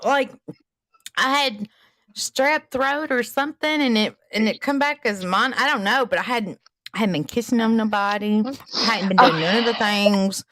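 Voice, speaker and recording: A woman's voice: on the high side, moderate pace, a bit bright, dry recording. A woman in her early forties in casual chat, chatty and folksy. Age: 40s.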